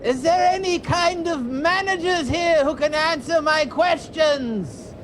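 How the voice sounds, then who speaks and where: A man's voice: very high voice, slow, a bit bright, a little hiss or hum. A man playing in a tabletop game, speaking in formal, polite phrasing. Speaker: player.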